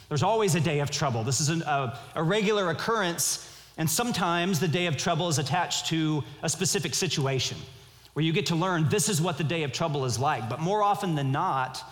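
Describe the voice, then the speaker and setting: Male pastor, fairly high voice, earnest measured sermon delivery, hall reverb. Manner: earnest, measured preaching with frequent restarts.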